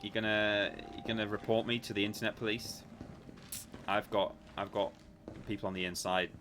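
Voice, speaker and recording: A livestream host chats casually and jokes around, reading viewer messages aloud with mock defensiveness. His voice is fairly low and level, at a normal speed.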